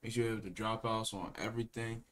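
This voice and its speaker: A man's voice: on the low side, level tone, quick pace, a bit bright. A young man co-hosting a reaction show in casual hype chat, slangy and full of repeated catchphrases. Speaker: co-host of a reaction channel.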